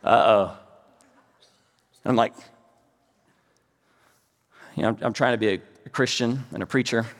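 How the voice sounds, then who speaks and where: This middle-aged pastor from the United States speaks in a mid-range voice, unhurried and pausing often, with a long reverb tail behind him. His sermon is full of stories, and he animatedly acts out the quotes along the way.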